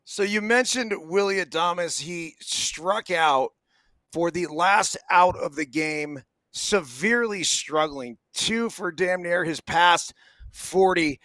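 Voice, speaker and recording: A man's voice: high voice, slow pace, pushed and bright, no echo. A man co-hosting a sports talk show, asking blunt, pointed questions in casual chat. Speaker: co-host.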